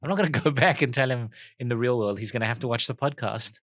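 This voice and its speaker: Bright, joking South African man. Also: mid-range voice, quick pace, no room sound. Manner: joking, animated, self-mocking asides. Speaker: podcast co-host. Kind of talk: casual comedic chat.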